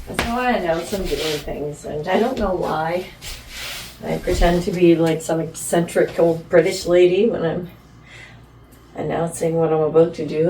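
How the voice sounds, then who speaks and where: A woman's voice: sits low, steady tone, normal speed, mellow. A woman from Canada, a vlogger chatting in a playful, rambling way while trying on clothes at home. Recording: roomy, distant, faint room noise.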